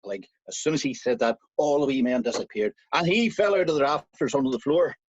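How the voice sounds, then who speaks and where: A man with an Irish accent telling a folk tale in a lively, conversational way, speaking straight to his listeners. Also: medium pitch, a little fast, lo-fi sound, a little hiss or hum. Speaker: storyteller.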